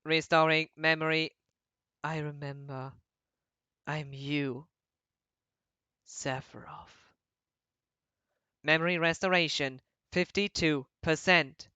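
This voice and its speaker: A woman voicing a vengeful, reawakening artificial being that alternates flat system reports with hateful vows. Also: sits low, slow pace, long pauses, smooth, no echo, full character voice. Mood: cold hateful.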